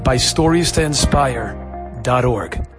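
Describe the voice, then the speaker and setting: A man's voice: medium pitch, animated, takes it slowly. A man reading a short announcement as an introduction. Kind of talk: recorded intro over music. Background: music.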